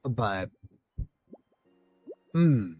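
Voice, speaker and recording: Slow, sleepy low-voiced male streamer. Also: lively intonation, dark tone, slightly rough. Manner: rambling, loses his words. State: sleepy late at night. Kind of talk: casual chat with viewers.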